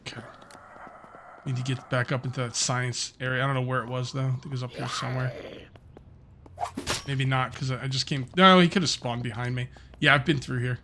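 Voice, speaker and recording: Playing a survival game, a middle-aged man who hosts gaming videos offers casual, meandering commentary and talks to himself. He has a mid-range voice that is steady, bright and forceful, moving briskly but with long pauses, and there's a slight hiss or hum in the recording.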